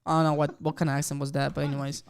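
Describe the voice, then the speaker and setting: Excitable man teaching a coding stream. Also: on the high side, very fast, smooth. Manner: excitable, hypes the audience. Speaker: coding instructor.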